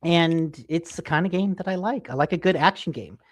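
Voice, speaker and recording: A man's voice: a little high, fairly quick, no echo. Male co-host, casual rambling chat, dry home mic. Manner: rambling, teasing, filler-heavy. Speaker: podcast co-host. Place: home office.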